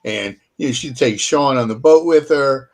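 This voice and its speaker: A man's voice: medium pitch, a little mellow. Easygoing man in casual chat. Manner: easygoing, agreeable, halting with fillers. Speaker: co-host of a fan podcast.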